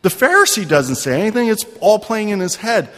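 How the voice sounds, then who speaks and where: A man's voice: high voice, very animated, fairly quick, a bit bright. Guy preaching in a church hall, talks real conversational, asks the crowd stuff, lots of echo. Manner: conversational, earnest, asks the congregation questions. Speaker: pastor. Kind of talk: sermon. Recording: long reverb of a hall.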